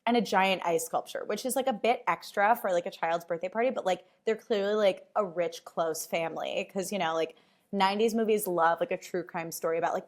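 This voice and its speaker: A woman hosting her own podcast, telling stories in a casual, animated way, full of fillers and swearing, and acting out the voices she quotes. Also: mid-range voice, a little fast. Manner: chatty, filler-heavy, swears freely. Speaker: podcast host. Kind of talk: casual chat.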